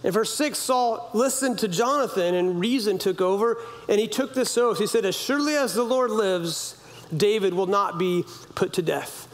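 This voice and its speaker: A man with a notably high voice preaches to his congregation. He tells the story loosely and chattily, slipping into quoted voices and goofy sound effects, and often turns to ask the room questions. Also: normal speed. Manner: conversational, asks congregation questions. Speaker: pastor. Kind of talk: sermon.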